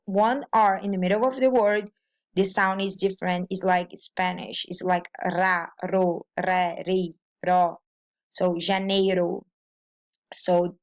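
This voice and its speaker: A woman with a Brazilian Portuguese accent teaches pronunciation and grammar at an unhurried pace. Her speech halts often, with restarts and fillers. Her voice sits at an ordinary middle pitch. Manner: halting, with frequent restarts and fillers. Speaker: language teacher.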